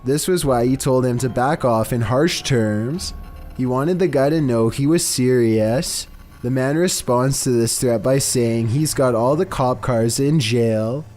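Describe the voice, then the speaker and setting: A man narrating scary internet videos in a flat, monotone, scripted delivery. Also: mid-range voice, measured pace. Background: faint background music.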